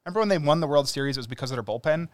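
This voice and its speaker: Podcast co-host, male, fast and opinionated, crisp dry sound. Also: a little high, no room sound. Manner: quick, opinionated, animated storytelling. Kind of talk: casual sports chat.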